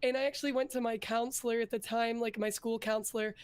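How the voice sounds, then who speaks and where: Speaking fast in a smooth, slightly high voice, a young woman guesting in a casual interview earnestly recounts her story with plenty of filler words. She is a vtuber and artist, and her energy builds as she talks.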